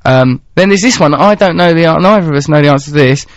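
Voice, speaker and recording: A playful man in his thirties rambles theatrically as a radio host, his voice sitting fairly high. The studio sound is dry and close. The broadcast is a little dull and lo-fi. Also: fast talker, no echo. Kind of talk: casual radio chat.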